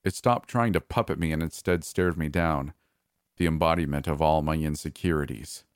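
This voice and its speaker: A man reading a first-person horror story aloud in a measured, calm way. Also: a bass voice, clear, resonant tone, dry recording, clean studio sound. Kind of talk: scripted horror narration.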